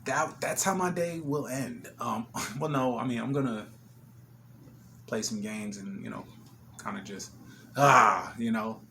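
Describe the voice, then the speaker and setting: A man vlogging at home, retelling a kitchen fire in an animated, swearing, laughing way, still shaken. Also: medium pitch, unhurried, pauses often, slight background noise. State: shaken after a scare. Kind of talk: casual storytelling vlog. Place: apartment kitchen, smoky.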